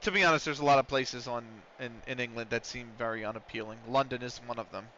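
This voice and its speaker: Live from the United States, a man plays a football management game on stream, alternating rambling banter with play-by-play of the action. He talks fast in a steady, medium-pitched, pushed and bright voice, over dull lo-fi stream audio carrying a little hiss or hum.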